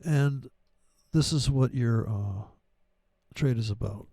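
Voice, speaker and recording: A man's voice: medium pitch, slow pace, dark tone, husky, no room sound. A man giving casual trading commentary over his charts, rambling and profane, with sarcastic asides. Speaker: forex trading educator.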